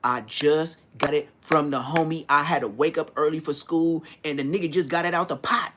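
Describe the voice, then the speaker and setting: A man in his forties telling street stories in a casual, animated way, full of profane slang. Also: a little high, normal speed, background noise. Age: 40s. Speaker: vlogger. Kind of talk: casual storytelling.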